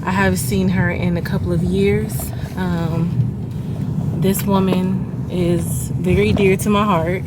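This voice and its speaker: A young adult woman vlogging in a car, talking openly and emotionally with many fillers. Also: lowish voice. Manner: emotional, candid, rambling with fillers. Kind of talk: casual vlog talk. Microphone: handheld camera. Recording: loud road noise inside a car.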